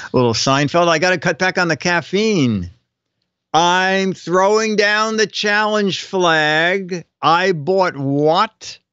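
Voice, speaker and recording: A man's voice: high voice, takes it slowly, sharp tone, clear, resonant tone, no room sound, muffled recording. An older man hosting a casual live show, reading viewers' joke captions aloud and chuckling between them. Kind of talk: casual comedic live-stream chat.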